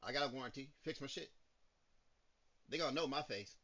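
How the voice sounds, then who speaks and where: A man's voice: medium pitch, brisk, lo-fi sound, a crowd in the background. A man co-hosting a podcast in casual banter, complaining in an exasperated, profane way. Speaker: podcast co-host.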